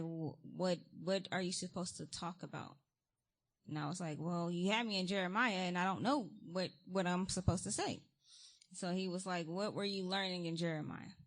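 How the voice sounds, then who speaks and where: A woman's voice: lowish voice, fairly bright tone. Woman, guest speaker, informal sermon, conversational, filler-heavy, church sanctuary. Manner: candid and conversational, frequent ums and likes; reads scripture aloud with rising emphasis. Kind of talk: informal testimony-style sermon.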